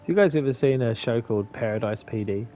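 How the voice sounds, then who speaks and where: A man's voice: mid-range voice, fast talker, warm tone, faint music behind. A man from New with a slight lisp, mumbling and laughing through casual, profane commentary as he streams a game. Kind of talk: casual live gameplay commentary.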